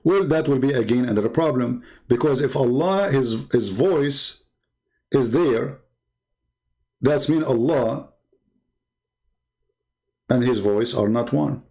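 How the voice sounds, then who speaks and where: A man's voice: mid-range voice, lively intonation, slow, pauses often, dark tone. A man with an Arabic accent hosting a live online debate, mocking his opponents with a string of rhetorical questions. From Arab world. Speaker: debate channel host.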